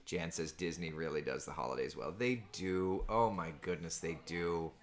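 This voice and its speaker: The forecaster speaks in a low voice at a moderate pace during a casual home livestream, chatting and rambling as he goes through viewer comments. His small children are nearby, and he records on a computer camera mic.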